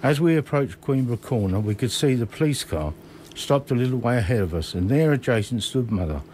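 A man in his sixties from Kent, reading his own memoir slowly and measuredly in a radio studio. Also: medium pitch, animated, darkish tone, a little hiss or hum.

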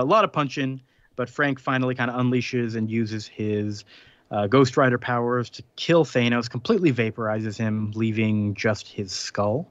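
Casual male podcast co-host, rambly storyteller with fillers, mid-pitched, muffled dry mic. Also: fairly bright tone, no room sound. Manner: rambling recap with frequent fillers and quick laughs. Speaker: podcast co-host recapping comics. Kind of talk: casual chat.

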